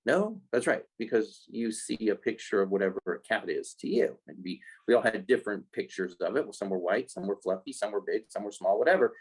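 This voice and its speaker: A man who is a life skills coach for kids, talking in a casual podcast interview. He explains in an animated way and acts out the voices he quotes. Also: on the low side, fairly quick, few pauses, breathy edge, poor audio.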